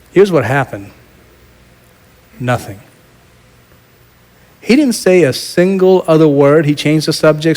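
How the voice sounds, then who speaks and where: A middle-aged male pastor delivering a sermon in a fairly high voice. He tells stories and swings from strong, raised declarations to hushed, confiding asides. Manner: storytelling, swings from loud proclaiming to soft asides.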